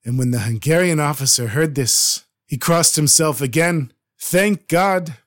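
Male storyteller, earnest and expressive, slightly high voice. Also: a little slow. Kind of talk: dramatic storytelling.

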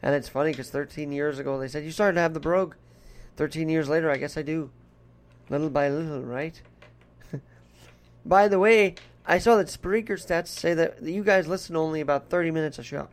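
A podcast host talks alone in a put-on Irish brogue, drifting casually from one topic to the next. His voice sits a little high for a man and has a gravelly edge. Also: normal speed. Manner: rambling, chatty, jumps between topics. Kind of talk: casual solo podcast monologue.

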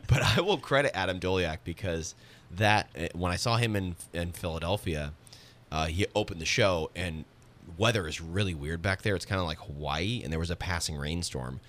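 Deep-voiced man hosting a radio chat. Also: fairly bright tone. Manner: chatty, storytelling, quick asides. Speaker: radio show host. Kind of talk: casual radio show banter.

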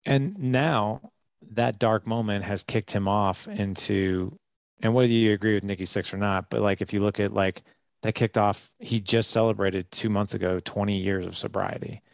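A low, gravelly man talks earnestly as a guest on a faith-based podcast, a little emotional and reflective, often repeating his words. The sound is dry and close. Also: normal speed, no room sound.

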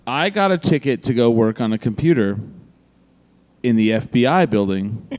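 A man's voice: mid-range voice, lively intonation, normal speed, darkish tone. A man telling a long story in casual chat, cursing freely and acting out both sides of a conversation. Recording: long echoey reverb.

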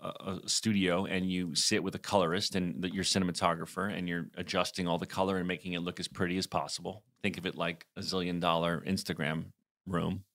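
A man's voice: low-pitched, a little fast. A man in his forties co-hosting a podcast, telling a story in a rambling, chatty way with many fillers. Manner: rambling with fillers, animated retelling. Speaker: podcast co-host. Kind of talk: casual storytelling chat.

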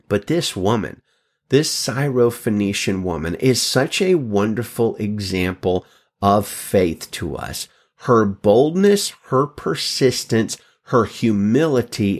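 A man giving a devotional Bible talk as a teacher, emphatic and stretching key words. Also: medium pitch.

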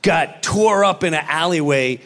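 A man with a Long Island New York accent, a comedian guest telling stories excitably and doing voices. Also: fairly high pitch, measured pace, faint music behind. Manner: excitable, does voices, laughs through stories. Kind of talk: animated storytelling.

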